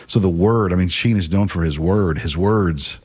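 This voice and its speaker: The guest, a middle-aged faith class teacher, tells stories in an earnest, casual way, with the odd stammer and restart. He speaks at normal speed in a low-pitched voice with a breathy edge.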